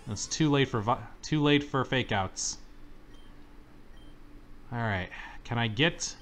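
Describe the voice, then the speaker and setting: A young man commenting on his gameplay, complaining dramatically and yelling at the game when things go wrong. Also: medium pitch, slow pace, long pauses. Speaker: let's-play gamer. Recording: faint game music behind.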